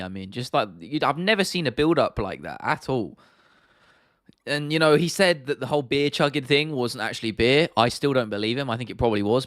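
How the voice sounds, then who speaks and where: Young london guy on a livestream, reading chat and rambling, lowish voice, dry close mic. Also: a bit bright, dry recording. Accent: London English. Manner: chatty, reads and answers viewer comments, frequent restarts and "man", "bro", "mate". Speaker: livestream host.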